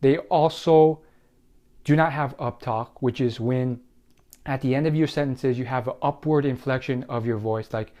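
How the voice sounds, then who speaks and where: A young man talks straight to his viewers in a casual self-help video. His pitch sits in a middle range. He explains tips conversationally, stopping and restarting as he goes. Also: steady tone, moderate pace, a little mellow. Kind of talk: casual talk to camera.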